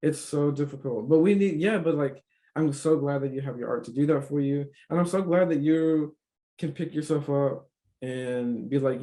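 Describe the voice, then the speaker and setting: A fairly high-pitched, warm-toned man hosts a casual podcast conversation at normal speed. He talks emphatically, swearing and using lots of fillers.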